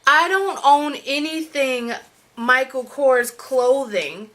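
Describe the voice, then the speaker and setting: A young woman vlogger chatting excitedly through an unboxing, gushing with lots of "you guys" and "like". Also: high-pitched, slow. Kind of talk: unboxing vlog chat.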